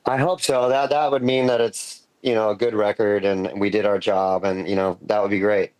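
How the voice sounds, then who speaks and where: A rock singer as a podcast guest, telling stories in a loose, rambling, profane way and acting out what people said. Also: male voice, fairly low pitch, steady tone, normal speed, darkish tone, smooth, rough recording. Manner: rambling, profane, quotes himself and others. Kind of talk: casual storytelling interview.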